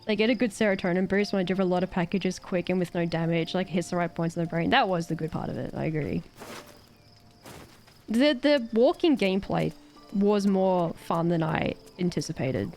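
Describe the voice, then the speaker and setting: A woman's voice: lowish voice, brisk, darkish tone, faint music behind. A woman streamer chatting casually while gaming, ranting animatedly with swearing and laughter.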